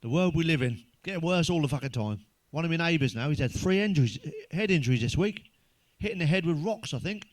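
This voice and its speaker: Middle-aged male comic, blunt and foul-mouthed, slightly higher voice, laughs at own gags. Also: lively intonation, fast talker, hardly any pauses. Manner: blunt, sweary, chuckles at own jokes. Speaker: stand-up comedian. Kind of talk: crude joke-telling monologue.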